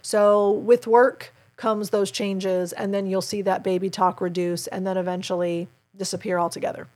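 A woman's voice: medium pitch, darkish tone. A woman who works as a child play therapist and hosts a podcast, earnestly explaining her approach in an advice segment and encouraging her listeners.

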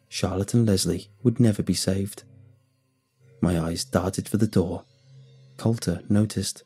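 A man narrates a first-person horror story with dramatic, suspenseful pacing. His voice is low, mellow and very husky, almost breathy. Soft music plays faintly behind him.

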